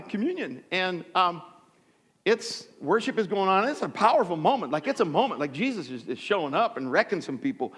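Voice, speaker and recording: A man's voice: a little high, big-room sound. A middle-aged male pastor telling funny personal stories in a sermon, self-deprecating and acting out voices. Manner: animated storytelling, self-deprecating humor, acts out voices. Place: church sanctuary.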